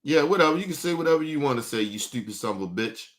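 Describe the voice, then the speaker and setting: A man's voice: mid-range voice, lively intonation, quick pace. A man hosting a livestream, delivering a heated, profane rant full of restarts and repeated phrases. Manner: combative, profane, repeats himself. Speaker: livestream host.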